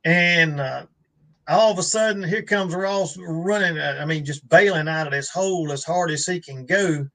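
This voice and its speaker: On a live stream, a male guest with a fairly high, sharp voice tells a rambling, casual story at normal speed, packed with fillers and restarts. The audio quality is poor.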